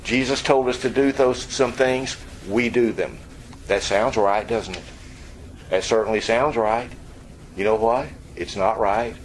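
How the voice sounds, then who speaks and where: A man's voice: mid-range voice, measured pace, a little hiss or hum, rough recording. A man preaching a sermon, emphatic and direct, often asking his listeners rhetorical questions.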